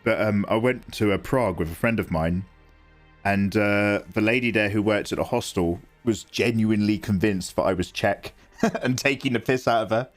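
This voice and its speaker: A man's voice: lowish voice, normal speed, faint music behind. A man chatting casually and self-deprecatingly on a live art stream while he draws, reading chat aloud.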